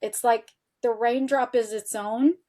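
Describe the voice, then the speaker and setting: A woman guest on an interview show, telling a personal story in a casual, animated way, full of "you know" and "like", candid and now and then swearing. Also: fairly high pitch, measured pace. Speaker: interview guest, integrative health practitioner.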